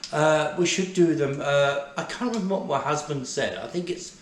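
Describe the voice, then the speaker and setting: A man's voice: a little high, normal speed, a little hiss or hum, natural voice. A man playing a scatty, giddy posh lady cook in a comic cooking show, gushing and camp, calling everyone darling. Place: home kitchen. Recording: echoey kitchen with loud frying sizzle.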